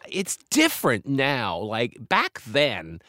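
A man's voice: medium pitch, huge pitch swings, slow pace, sharp tone, dry recording, clean studio sound. An older man, a comedian and author, telling candid, reflective stories as an interview guest. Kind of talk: conversational interview.

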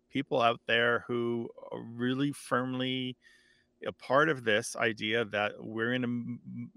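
A man explaining word origins as a guest expert, thoughtful and steady. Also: medium pitch, gravelly, no room sound. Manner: thoughtful, with fillers and restarts. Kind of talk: conversational explaining.

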